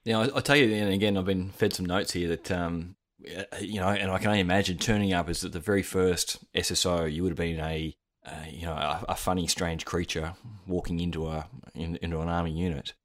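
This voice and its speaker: Low-voiced host, conversational, hesitant, heard from a distance. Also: male voice, fairly even intonation, brisk, hardly any pauses, a bit bright. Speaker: interviewer.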